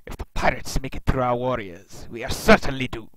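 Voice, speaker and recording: A man's voice: mid-range voice, steady tone, brisk, a bit bright, dry recording, poor audio. A man hosting a let's play, giving casual gameplay commentary full of rambling, wry asides.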